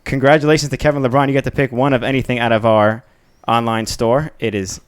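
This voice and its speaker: A man's voice: mid-range voice, fairly even intonation, fast, clear, resonant tone. A young man co-hosting a live podcast, talking loosely, laughing often and swearing freely. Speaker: podcast co-host. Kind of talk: casual live podcast chat.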